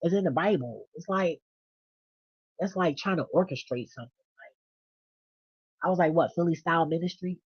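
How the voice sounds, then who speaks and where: A woman venting in a casual monologue, blunt and profane, swinging from low mutters to loud rants. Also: animated, moderate pace, long pauses, husky, dry recording. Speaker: vlogger. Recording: dull lo-fi dry recording.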